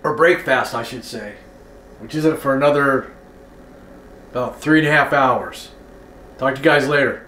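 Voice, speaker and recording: A man's voice: mid-range voice, normal speed, long pauses, sharp tone, a little hiss or hum. A man chatting casually on a vlog, easygoing and enthusiastic, often tagging on "right?". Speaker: vlogger. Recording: echoey room.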